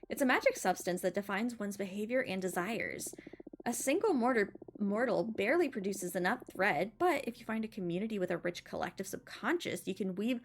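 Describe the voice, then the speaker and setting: A woman's voice: mid-range voice, expressive, brisk. A woman reading aloud the lines of a shy, nervous female spider witch with many arms, hesitant and apologetic. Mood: earnest. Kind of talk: reading game dialogue aloud.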